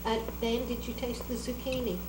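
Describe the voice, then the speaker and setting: Higher-voiced homey woman in an echoey room. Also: level tone, moderate pace. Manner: homey, chatty, talks about her cooking. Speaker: cooking show co-host. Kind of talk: casual chat over dinner. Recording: echoey room with background noise.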